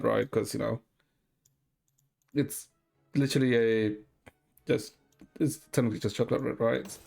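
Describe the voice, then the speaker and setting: A man's voice: fairly high pitch, creaky, a little mellow. A man streaming a game, chatting casually with his chat while he plays.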